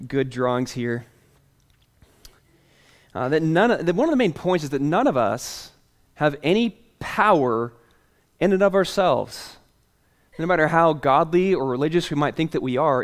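A man preaching a sermon as pastor, telling a story playfully and then settling into a softer, earnest tone. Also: medium pitch. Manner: animated, playful storytelling with chuckles; softer, earnest tone when making the point.

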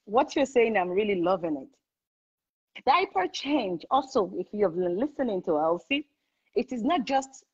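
A woman's voice: a little high, slightly rough. A woman hosting a live online parenting chat, speaking emphatically and repeating her points for stress. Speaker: host. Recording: muffled lo-fi audio.

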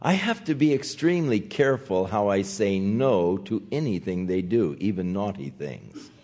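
An older man, a pastor, teaching the Bible verse by verse in a gentle conversational way, softly voicing the quotes he tells. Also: lowish voice, lively intonation, moderate pace.

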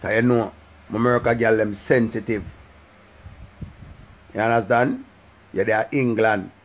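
A man with a Jamaican accent, talking in patois on his live stream in an animated, sing-song way and often repeating a catchphrase. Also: fairly low pitch, moderate pace. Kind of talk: casual live-stream rant.

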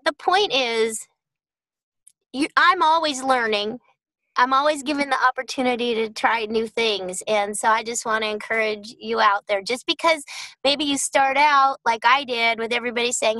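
A woman's voice: fairly high pitch, measured pace, pushed and bright, no echo, poor audio. A middle-aged voice actress talking casually and upbeat about her work, calling listeners darling. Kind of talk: casual chat.

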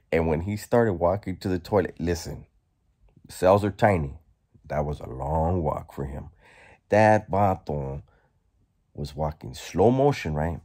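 A man vlogging, telling a story casually in a profane, slangy, animated way. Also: low-pitched, slow, pauses often.

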